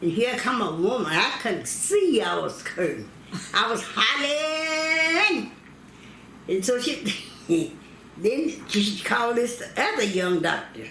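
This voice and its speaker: Older woman telling lively family stories. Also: mid-range voice, measured pace, vocal fry, echoey room, slight background noise. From North Carolina, United States. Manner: lively, acts out quoted voices, laughs often. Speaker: interviewee telling family history. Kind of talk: storytelling, recalling childbirth.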